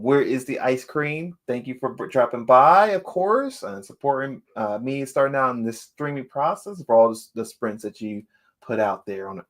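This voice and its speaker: A man hosting a writing sprint livestream, chatting casually and playfully, laughing often and reading the chat aloud. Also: lowish voice. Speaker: livestream host.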